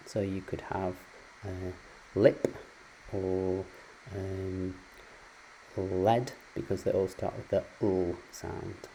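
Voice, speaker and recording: A man gives a recorded phonics lesson, patient and explanatory, pausing on ums and uhs. His voice sits very low with a gravelly fry. Faint noise hums under the recording. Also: little pitch movement, mellow, rough recording. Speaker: teacher.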